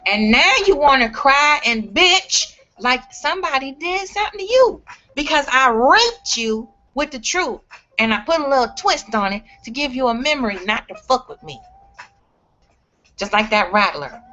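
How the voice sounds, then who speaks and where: A woman's voice: on the high side, animated, moderate pace, pushed and bright, highs cut off. A woman talking straight to camera in a blunt, profane, emphatic rant. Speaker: vlogger. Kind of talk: ranting vlog monologue.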